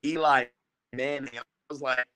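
A man's voice: medium pitch, steady tone, normal speed, bright, forceful tone, smooth. A man in his thirties, a guest on a casual podcast, joking and mocking himself, swearing freely. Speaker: podcast guest, football quarterback.

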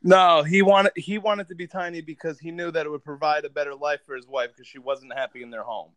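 A man with a slightly higher-than-usual voice tells a movie plot at length. He rambles, curses freely and leans on filler words as casual banter with friends. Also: fairly even intonation, a little fast, fairly bright tone, dry recording, poor audio.

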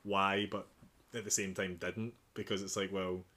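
A man's voice: sits low, normal speed. A young man from England, a personal trainer, telling gym stories in casual podcast chat, acting out the dialogue and laughing often. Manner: animated storyteller, acts out dialogue, laughs often.

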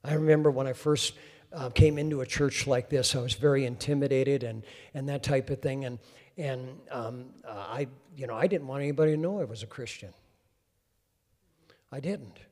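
A man preaching a sermon, fervently calling out to the congregation and swinging from quiet storytelling to loud exhortation. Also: medium pitch, moderate pace, long reverb tail.

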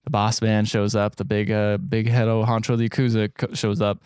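A man's voice: on the low side, flat delivery, fairly quick, darkish tone, smooth. A man co-hosts a podcast and recaps a movie in loose, rambling chat. He laughs often and fills his talk with "like." The sound is dry, with no room echo. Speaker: podcast co-host.

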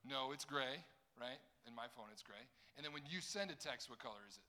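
Bright-voiced preacher man. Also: medium pitch, expressive, fairly quick. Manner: jokey, talks straight to a young crowd. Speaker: pastor. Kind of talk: sermon.

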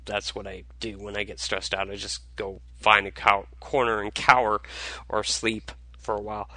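A tired man hosting a casual solo podcast, talking in a halting way with many fillers and restarts. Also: lowish voice, flat delivery, sharp tone, dry recording, poor audio. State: tired, low on energy. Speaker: podcast host.

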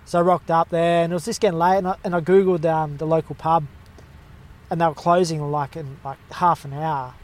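A man's voice: on the high side, little pitch movement, brisk. A young Australian man from Western Australia telling a long, rambling story in casual chat, full of slang and fillers.

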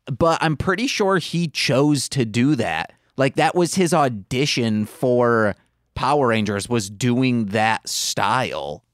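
A man co-hosting a podcast in casual chat, talking in an unhurried, matter-of-fact way. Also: medium pitch, animated, no room sound, studio quality. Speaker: podcast co-host.

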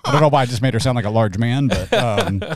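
A man's voice: medium pitch, fast talker, a crowd in the background. A man co-hosting a podcast, teasing and joking in casual banter and slipping into playful voices. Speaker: podcast co-host.

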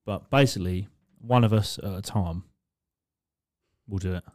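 A man's voice: low voice, moderate pace, darkish tone. A man co-hosting a casual podcast, rambling through explanations, swearing freely and laughing often. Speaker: podcast co-host. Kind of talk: casual chat.

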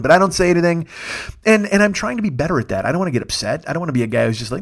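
A comedian telling a rambling, profane story in a casual podcast monologue, acting out what others said. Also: male voice, on the high side, expressive, fast. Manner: rambling, profane, acts out quotes. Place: Los Angeles.

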